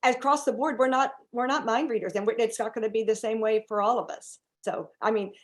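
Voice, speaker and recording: A woman joins a casual chat over a video call. Her voice sits a little high and she speaks in an encouraging way, nudging the host with questions. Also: steady tone, fairly quick.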